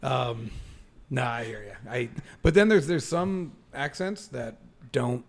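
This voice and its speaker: Male podcast host, gravelly voice, quick to joke and laugh. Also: mid-range voice. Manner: joking, laughs often. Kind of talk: casual chat.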